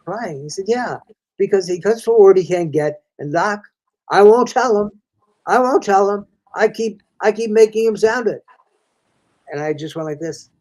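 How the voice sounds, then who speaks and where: A man's voice: on the high side, dark tone, poor audio. An older man, a reading specialist, explaining in a folksy conversational way, calling the listener "friend" and restarting his sentences often.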